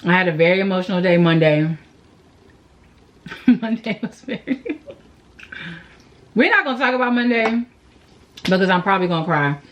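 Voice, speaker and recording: A woman's voice: on the low side, animated, a little fast, pauses often, fairly bright tone. A young woman, a beauty vlogger, rambling through a makeup tutorial in a slangy, playful way, laughing and sighing often. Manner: rambling, self-deprecating, laughs and sighs often.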